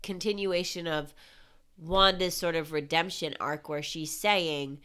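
A woman co-hosting a casual comic book podcast, giving animated, incredulous reactions and her own takes. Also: low-pitched, measured pace, clear, resonant tone. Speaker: podcast co-host.

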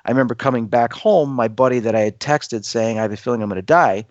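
A man's voice: mid-range voice, fast, dry recording, muffled recording. A man telling a dramatic personal story to listeners, acting out the quoted voices as he goes. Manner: acts out quoted voices, lively and emphatic.

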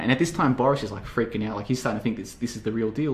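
A man's voice: mid-range voice, very fast. A man hosting a podcast, casually retelling a film plot in an offhand, rambling way. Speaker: podcast host. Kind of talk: casual comedic storytelling.

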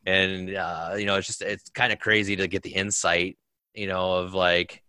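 A low-voiced man with a bright, forward tone recounts his deployments in easy, rambling conversation, padding his stories with fillers. The sound is dry and close. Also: flat delivery, moderate pace, clean tone, dry recording. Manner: storytelling with many fillers. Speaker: veteran guest. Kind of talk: casual conversation.

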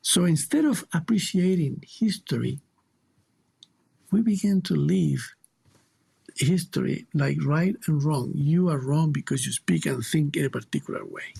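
Man, Chilean Spanish accent, heavy gravelly fry, husky, reflective guest talk, emphatic repeats. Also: on the high side, a little slow, warm tone. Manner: emphatic, repeats words for stress. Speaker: guest teacher.

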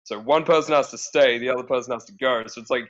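An Australian man guests on a podcast as a dating profile coach, chatting casually in a laid-back way, swearing and hedging with plenty of fillers. He talks fast at medium pitch with a slightly bright voice, captured in dull lo-fi sound.

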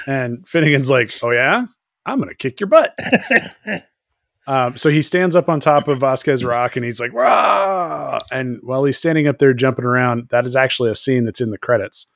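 A man co-hosting a podcast, casually recapping a TV episode, laughing often and acting out characters in quick voices. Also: mid-range voice, no room sound, clean studio sound. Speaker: podcast co-host.

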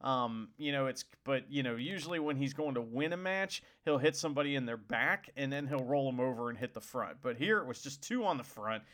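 A man co-hosting a casual wrestling podcast, excitable and swearing freely. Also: mid-range voice, a little fast, hardly any pauses. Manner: excitable, swears, laughs often. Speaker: podcast co-host.

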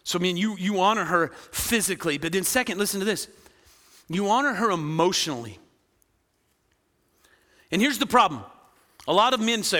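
A man preaching a lively sermon, often asking the crowd "right?" and acting out quoted voices. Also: high voice, normal speed, long pauses, in a large hall. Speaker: pastor.

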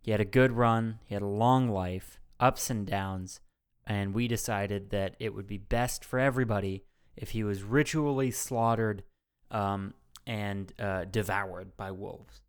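A man's voice: fairly low pitch, measured pace, clear, resonant tone. A man hosting a podcast in casual banter, brash and joking, swearing freely. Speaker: podcast host.

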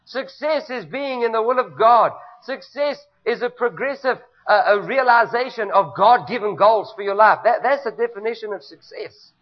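A man's voice: high-pitched, normal speed, hardly any pauses. A male pastor with a South African accent preaching a sermon in a church, emphatic and repetitive, calling on the congregation to respond. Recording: dull lo-fi recording.

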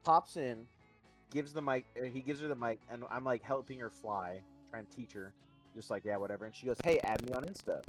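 A man's voice: medium pitch, fairly quick, soft background music. A young man casually telling a long story on a podcast, rambling and swearing as he acts out other people's lines. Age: young adult. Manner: rambling, swearing, mimics voices in quotes. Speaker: podcast co-host.

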